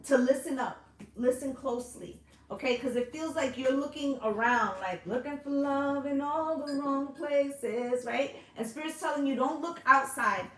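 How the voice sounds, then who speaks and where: A woman with a high voice gives a casual tarot reading at a measured pace, chatty and coaxing. This intuitive reader swears freely and checks in with her listeners, and the recording has a roomy echo.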